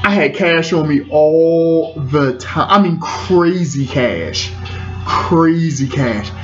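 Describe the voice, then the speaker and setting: Taking it slowly in a slightly high voice, a forties-aged man from the Washington DC area recounts a personal story full of repeated phrases and stumbling restarts. Faint music accompanies the dull lo-fi recording.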